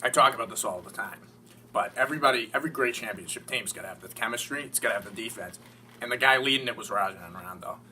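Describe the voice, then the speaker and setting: A man from Massachusetts talking as an interviewed sports fan, rambling, profane and excitable. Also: medium pitch, fast, slight background noise. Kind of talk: casual mock interview. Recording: distant mic with faint ambience.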